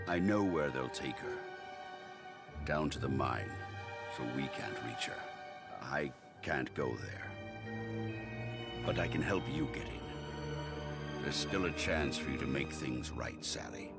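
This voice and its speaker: A man voicing a mysterious guardian spirit who speaks in a calm, commanding way. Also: extremely low pitch, measured pace, long pauses, loud music behind the voice. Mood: urging.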